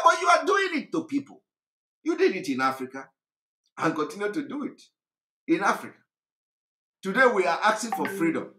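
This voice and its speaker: In a roomy, echoing recording, a high-pitched man with big pitch swings and a sharp tone speaks at normal speed, pausing often. He is a political activist broadcaster from southeastern Nigeria with a Nigerian accent, laughing between the points of his impassioned, mocking, fiery political monologue.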